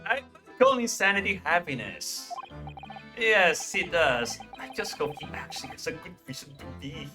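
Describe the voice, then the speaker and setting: Brief: man doing a hesitant young lawyer, low and soft, music behind. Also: expressive, moderate pace, lightly acted. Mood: unsure. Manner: hesitant, quiet, stammering. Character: nervous young male lawyer.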